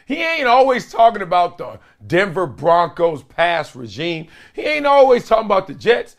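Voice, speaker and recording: Lively, high-pitched sports talk host. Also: male voice, normal speed, gravelly. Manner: playful, sing-song hype chants, laughs often. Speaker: host reading viewer comments. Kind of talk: animated sports talk show.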